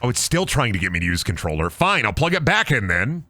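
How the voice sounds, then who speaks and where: Animated, joking male gaming streamer. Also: on the low side, fast talker, no echo. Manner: jokey, profane, breaks into silly sing-song voices. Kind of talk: casual live-stream chat over gameplay.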